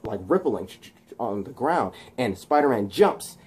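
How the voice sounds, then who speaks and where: A man casually retelling a movie fight scene, animated and shouting sound effects, with many fillers. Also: mid-range voice, a little slow, husky. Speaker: video host recapping a film.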